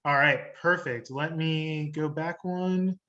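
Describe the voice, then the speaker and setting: A man presenting an investment pitch over a video call, relaxed and joking while he sets up his screen. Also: slow pace, lo-fi sound.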